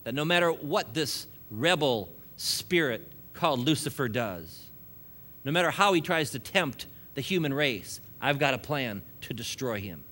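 A man's voice: medium pitch, lively intonation, measured pace, bright, forceful tone. A man preaching a sermon, joking and laughing between points and building emphasis as he goes.

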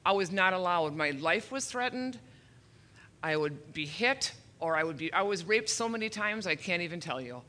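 Bright, earnest woman in her fifties. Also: fairly low pitch, expressive, moderate pace. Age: 50s. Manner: earnest and emotional, with self-deprecating humor. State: nervous. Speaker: church testimony speaker. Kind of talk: personal testimony. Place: church service.

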